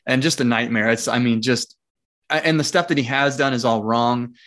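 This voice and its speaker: A man, a guest in a casual interview, telling a story in a lively way, acting out the dialogue and laughing often. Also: medium pitch, normal speed. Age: adult with young children. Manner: frequent fillers and restarts. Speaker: interview guest, property investor.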